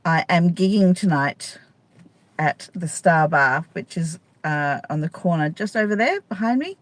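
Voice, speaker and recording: A woman's voice: on the low side, expressive, measured pace. A middle-aged woman, a stand-up comedian, chatting casually and playfully to viewers on a live stream from a city street, talking into a phone held at arm's length. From Australia.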